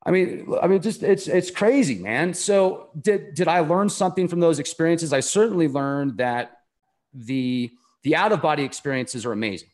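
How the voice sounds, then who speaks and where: A man's voice: on the high side, animated, normal speed, darkish tone. Earnest, rambling man telling a story. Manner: earnest, enthusiastic, rambling delivery. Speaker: interview guest. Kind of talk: casual conversational storytelling.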